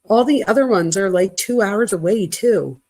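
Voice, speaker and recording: A woman's voice: medium pitch, moderate pace, a little mellow, natural voice. A woman reading aloud the offhand, slangy text messages of a young man to his girlfriend.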